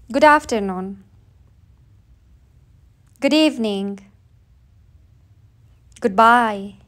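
Woman teacher, high voice, very slow and clear drill reading for learners. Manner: says each phrase slowly and plainly, often twice. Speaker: English teacher. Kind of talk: slow read-aloud phrase drill.

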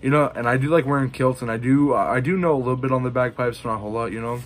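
A man's voice: mid-range voice, fast, a little hiss or hum. Rambling man in a casual show-and-tell. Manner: rambling, full of ums and you-knows. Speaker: vlogger showing his collection.

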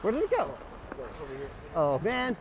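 Man goalie mic'd up on the ice, slightly high voice, dry self-mocking wit, loud rink noise behind. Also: wildly swooping pitch, takes it slowly, gravelly. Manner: joking, self-deprecating banter. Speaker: hockey goalie. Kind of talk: mic'd-up game commentary. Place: hockey rink during a game. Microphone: helmet-mounted action camera.

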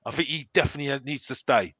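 Man, casual fan chat, halting restarts, bright voice, dry close sound. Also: mid-range voice, husky, dry recording. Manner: rambling, repeats himself, halting restarts. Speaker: fan panelist.

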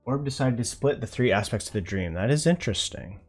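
A man's voice: medium pitch, lively intonation, fairly quick, faint music behind. A man streaming live, chatting casually in a laid-back, rambling way with frequent chuckles. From North Carolina.

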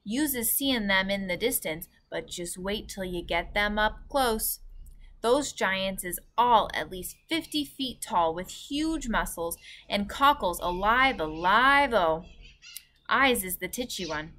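A big, friendly old giant, as a woman reading aloud puts him on, who tumbles his words and grammar in a cheerful muddle. His voice sits bright and a touch louder than her own narration, earnest rather than frightening, in a storybook read-aloud. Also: medium pitch, lively intonation, slow. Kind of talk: children's book read-aloud.

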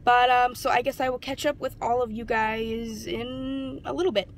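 A woman's voice: fairly high pitch, fairly even intonation, moderate pace, vocal fry, a little hiss or hum. A young woman talking casually while she films a vlog on a phone she holds in her hand. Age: young adult. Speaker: vlogger. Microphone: phone held in hand. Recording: phone video with crowd chatter.

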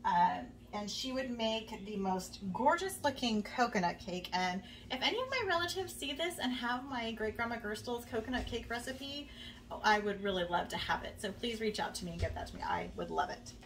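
A woman's voice: a little high, very animated, moderate pace, a bit bright. A young woman chatting casually to her viewers while cooking in her home kitchen, friendly and rambling, with lots of fillers. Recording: faint background noise, a bit distant from the mic.

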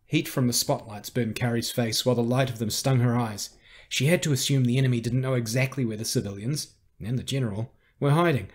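A man narrating an audiobook with measured, tense storytelling. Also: medium pitch, breathy edge. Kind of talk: scripted narration.

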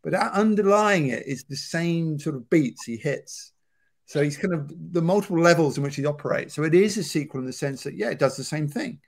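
Man, gravelly fry, slightly high pitch, thoughtful film commentary, explanatory. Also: animated, brisk. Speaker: film writer.

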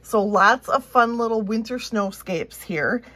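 A woman's voice: a little high, a little slow, pushed and bright. A woman from Minnesota with a Minnesotan accent, chatting casually as she walks through a craft tutorial step by step. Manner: chatty and upbeat, thinking aloud while working. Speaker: craft instructor.

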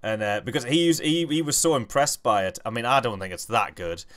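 A man's voice: mid-range voice, lively intonation, a little fast, fairly bright tone. A man giving casual commentary while he plays a game, often muttering to himself and rambling into stories. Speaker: gaming channel host.

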